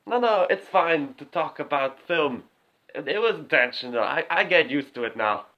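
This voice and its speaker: Woman doing odd defensive male filmmaker, broken grammar, stammering, lively swooping voice, comedy impression. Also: sits low, moderate pace, muffled recording. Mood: pleased. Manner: broken grammar, stammering, mocking chicken clucks.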